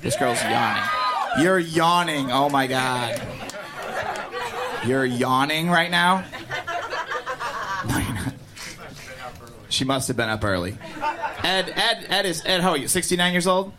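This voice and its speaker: A man working as a comedy club emcee, loud and teasing as he hypes the crowd. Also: fairly high pitch, expressive, measured pace, long pauses. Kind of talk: hyping the crowd.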